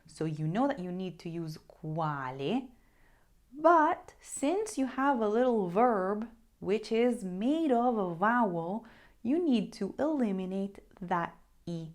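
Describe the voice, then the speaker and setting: A woman teaching a language lesson, who stresses key points by repeating them and models words slowly and carefully for the learner. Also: medium pitch. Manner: slow, careful modeling of pronunciation.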